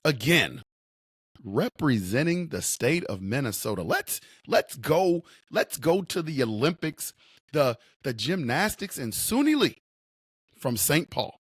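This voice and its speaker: A man's voice: mid-range voice, big pitch swings, measured pace, husky, dry recording, clean studio sound. A man hosting a sports talk show, speaking with emphatic, repetitive hometown enthusiasm. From Upper Midwest. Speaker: sports podcast host.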